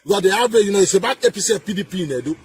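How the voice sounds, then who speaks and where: A man with a Nigerian accent delivering a heated political rant, emphatic and repetitive, with sing-song rises and shouted bursts. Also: sits high, lively intonation, racing, slight background noise. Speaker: political commentator.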